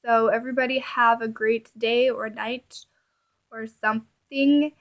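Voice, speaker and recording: A woman's voice: a little high, level tone, normal speed, fairly bright tone. A young woman vlogging in a rambling, casual chat full of filler words.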